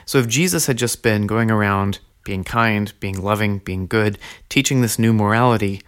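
A man with a somewhat low voice hosts a scripted teaching podcast. His delivery is measured and earnest, and he slows down to stress the phrases that matter. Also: a bit bright, clean tone. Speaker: podcast host teaching on early Christianity.

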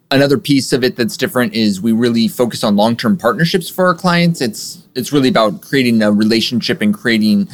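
A man who runs a software agency, answering interview questions in a relaxed, explanatory way with frequent fillers. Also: on the low side. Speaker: guest, software agency owner.

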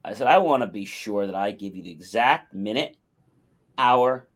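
A man's voice: on the low side, moderate pace. A man co-hosting a talk show, telling a long personal story and acting out the quotes. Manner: animated anecdote with acted-out quotes. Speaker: podcast co-host. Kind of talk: casual storytelling.

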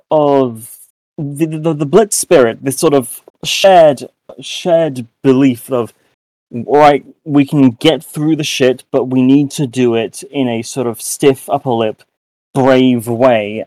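A man's voice: mid-range voice, warm tone, no room sound, rough recording. A young British man, a podcast co-host, talking in a rambling casual way with many restarts and self-mocking asides. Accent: British English. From United Kingdom. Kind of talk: casual chat.

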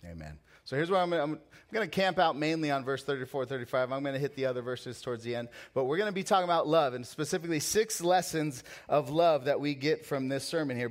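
A pastor delivering a sermon, animated and swinging between loud emphasis and hushed prayer. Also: male voice, on the high side.

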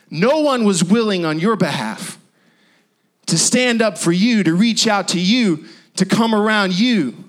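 Male pastor preaching, high voice, slow and dramatic, repeats lines for effect. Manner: emphatic, repetitive preaching with dramatic pauses. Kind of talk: sermon.

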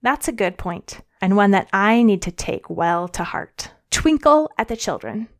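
A woman's voice: medium pitch, animated, a little slow. A middle-aged woman reading her audio blog as a podcast host, cheerful and earnest.

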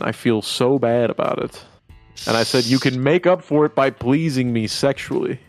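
A man co-hosting a podcast, telling crude, joking stories in casual chat. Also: mid-range voice. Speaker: podcast co-host. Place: podcast studio.

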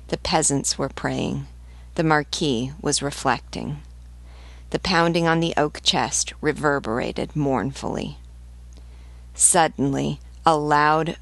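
A woman, a literature teacher, reading a novel aloud in a measured, steady way. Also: sits low, no echo.

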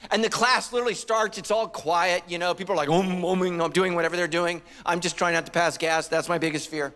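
Casting: middle-aged male pastor, high voice, animated storytelling sermon. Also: quick pace. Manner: animated storytelling with acted quotes and humor.

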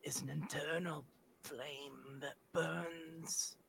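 A man voicing a sinister spirit of flame and bone in a slow, drawn-out whisper, as whispered role-play. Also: a little high, steady tone, vocal fry, fairly bright tone, a little hiss or hum, full character voice. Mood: menacing whisper.

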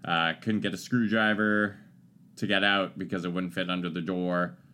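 Low-voiced man telling stories. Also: little pitch movement, normal speed, sharp tone, clean tone. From Canada. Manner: profane, rambling storyteller with many fillers. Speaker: podcast host. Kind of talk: casual podcast chat.

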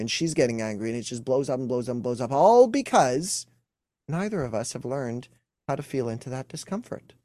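A young adult man speaks as an emotional wellness coach in an interview, earnest and explanatory. His voice sits at an ordinary middle pitch. The recording is dry, with no room sound. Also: darkish tone, dry recording. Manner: earnest, explanatory, acts out quoted dialogue.

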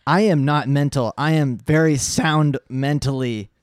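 A man's voice: a little high, clean tone, no room sound, clean studio sound, lightly acted. A man playing an odd, earnest young hacker. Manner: halting, apologetic, deadpan earnest. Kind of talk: improvised comedy podcast.

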